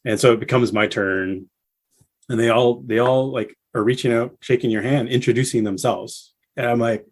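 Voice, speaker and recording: A man guest on a casual podcast, telling a story with animated bursts when he quotes people. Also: moderate pace. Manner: animated storyteller, acts out quotes with rising pitch.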